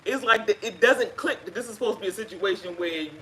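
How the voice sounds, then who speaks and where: A woman sharing her own experience as a guest on a live chat, telling it in an emphatic, animated way. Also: medium pitch, fast, slight background noise, rough recording. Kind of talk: casual live-stream chat.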